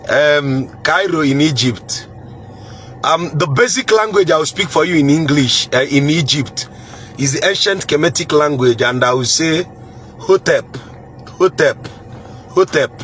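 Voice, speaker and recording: A playful man with a Nigerian accent chats live with his viewers, chuckling, repeating his words and trying out greetings. His voice sits a little high. Faint traffic noise hums behind him. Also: measured pace, a bit bright. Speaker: livestream host reading viewer comments. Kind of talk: casual live chat.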